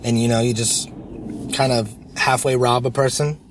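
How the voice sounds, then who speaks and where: Animated man chatting in a car. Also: mid-range voice, moderate pace. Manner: animated storyteller, acts out quoted people loudly. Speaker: podcast co-host. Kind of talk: casual chat. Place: inside a car. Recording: car interior with road noise.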